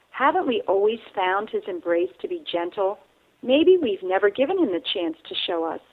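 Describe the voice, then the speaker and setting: A woman calmly reading spiritual instructions and reflections aloud, addressing the listener. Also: medium pitch. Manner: calm, measured, addressing the listener. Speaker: reader. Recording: narrow phone-like sound.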